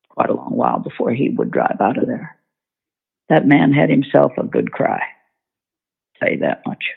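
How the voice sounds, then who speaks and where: A woman guest tells a story in a folksy, emphatic way, her voice deeply gravelly with heavy fry. The sound is husky rather than clear. It comes through a narrow, tinny phone line. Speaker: guest, horsemanship author. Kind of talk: telling a story in an interview.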